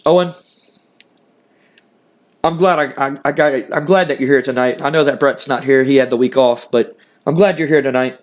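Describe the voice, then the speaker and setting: A man's voice: mid-range voice, moderate pace, long pauses, lightly acted. A man paraphrasing an earnest wrestling champion. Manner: earnest, reassuring, repeats himself. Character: friendly male wrestling champion offering respect.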